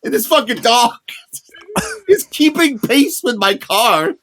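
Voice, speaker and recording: High-voiced man telling a profane story. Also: big pitch swings, slow pace, a crowd in the background. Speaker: podcast co-host. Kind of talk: casual storytelling chat.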